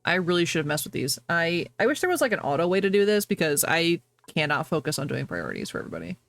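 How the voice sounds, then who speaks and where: A game streamer in casual live chatter, voice swinging up and down a lot in pitch. Giggles break in often, with quick apologies and running reactions to the game. Mid-pitched and animated throughout. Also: creaky. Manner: talks to chat, reacting to the game.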